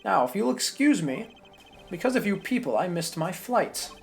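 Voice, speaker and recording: A woman voicing a haughty male suspect from a game, slow and condescending. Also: medium pitch, sing-song, creaky, a little mellow, faint music behind. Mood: smug.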